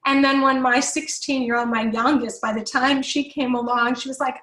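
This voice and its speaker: A woman in her forties with a fairly high, bright voice leads a live parenting workshop. She answers questions in a chatty, reassuring way, full of ums and restarts, and the room around her sounds echoey. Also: normal speed.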